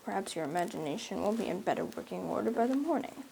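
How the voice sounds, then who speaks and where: A woman's voice: mid-range voice, expressive, quick pace, gravelly, dark tone, slight background noise, poor audio. A woman doing a dry, stern older guardian. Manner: dry, reproving. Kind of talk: audiobook reading.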